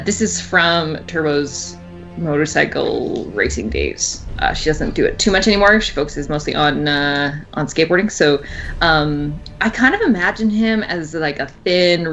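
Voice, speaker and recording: A woman's voice: deep voice, a bit bright, lo-fi sound. Hesitant woman playing a tabletop game. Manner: hesitant, many fillers. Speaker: player. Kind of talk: describing her character in a tabletop game.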